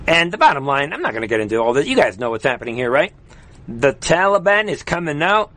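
A man hosting live political commentary in a heated, mocking, rapid ranting manner. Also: on the high side, sing-song, pushed and bright. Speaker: host.

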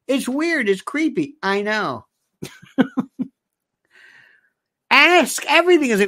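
Guy doing a fired-up commentary rant, lots of pitch swing, keeps asking why why why. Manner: animated, rapid rhetorical questions, incredulous. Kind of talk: opinionated commentary monologue.

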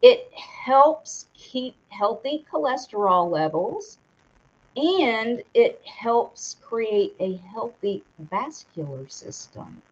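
On dull lo-fi stream audio, a woman with a highish, darkish, slightly rough voice and big pitch swings speaks slowly. Co-hosting a casual live show, she reads a sponsor segment's product details, stumbling on hard words and laughing at herself.

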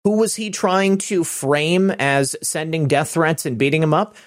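A man's voice: a little high, a little slow. A man hosting opinionated political commentary, sarcastic and indignant. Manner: sarcastic, indignant, chuckling asides.

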